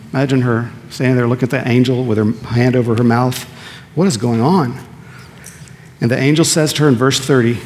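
A man's voice: mid-range voice, slight background noise. A man in a middle register preaching an earnest sermon. He asks his listeners questions and answers them himself. His voice carries a long reverb, as if from a large church sanctuary. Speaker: pastor.

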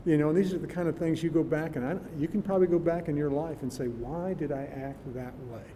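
Speaking fast in a mellow tone, an older man delivers a musing, conversational sermon with occasional laughter. A faint rumble and hall reverberation color the recording.

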